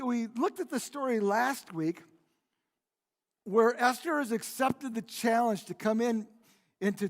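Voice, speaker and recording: High-voiced male pastor in a reverberant church. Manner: conversational storyteller, frequent restarts and repeated words. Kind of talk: sermon retelling a Bible story. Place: church sanctuary. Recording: long reverb of a church hall.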